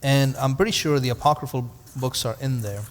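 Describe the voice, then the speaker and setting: A man's voice: medium pitch, fairly quick, in a large hall, a little hiss or hum. A male pastor teaching a Bible study to a live audience in a conversational way, asking rhetorical questions and adding dry humorous asides.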